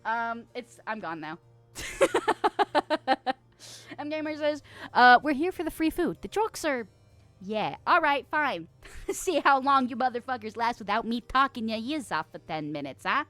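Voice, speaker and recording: A woman's voice: fairly high pitch, very animated, unhurried, fairly bright tone, faint music behind. A young woman streaming and chatting with her viewers, rambling, laughing often and acting playfully indignant. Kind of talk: casual chat reading stream chat.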